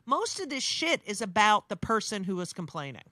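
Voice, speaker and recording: A woman's voice: medium pitch, sing-song, a little fast, pushed and bright, no echo. A woman, a comedian talking bluntly and profanely in casual chat, with many restarts. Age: 60s. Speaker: comedian guest.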